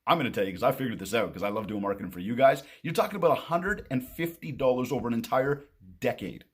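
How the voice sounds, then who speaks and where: A man who coaches on marketing, telling a story to camera in a casual, animated way and acting out both sides of a conversation. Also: mid-range voice, quick pace, slightly rough.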